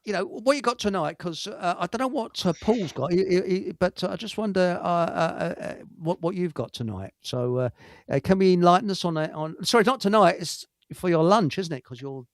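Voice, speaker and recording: A man's voice: high-pitched, expressive, a little fast, dry recording. A man hosting a casual live-stream chat, telling stories in a rambling, hesitant way with many fillers. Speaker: host.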